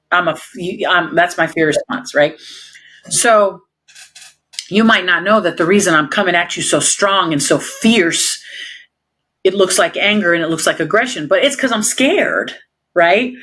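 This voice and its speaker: A woman's voice: medium pitch, fairly bright tone. A woman police officer, a guest in an interview, telling her stories in a candid and emphatic way and laughing often.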